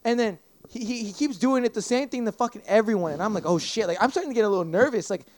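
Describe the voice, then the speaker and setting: A young man guesting on a podcast races through a long, rambling story in a high voice, cursing constantly and acting out what people said in an animated retelling. It's casual chat, with slight background noise.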